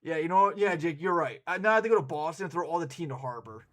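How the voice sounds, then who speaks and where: A man streaming and chatting casually with his viewers, excitable and quick to laugh and swear. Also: fairly high pitch. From United States.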